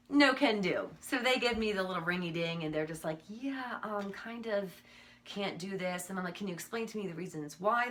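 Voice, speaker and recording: A woman with a low, bright voice tells a personal faith story in a casual vlog. She chats loosely, playing both sides of the conversation, with faint noise behind her. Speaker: Christian vlogger sharing a testimony. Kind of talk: casual spoken testimony.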